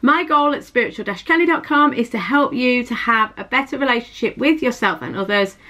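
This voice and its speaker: A woman's voice: on the high side, expressive, fairly quick, sharp tone. A woman giving a chatty, intuitive tarot reading to her viewers, often repeating and restarting her phrases. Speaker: tarot reader.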